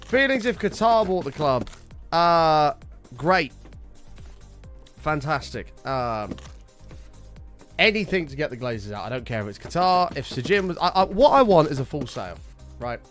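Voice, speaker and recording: A British man on a live stream, talking casually to his chat with heated, swearing rants. His pitch swings widely as he talks, and faint music plays underneath. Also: very animated, moderate pace, long pauses, fairly bright tone. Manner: heated ranting, frequent swearing, chatty asides to viewers.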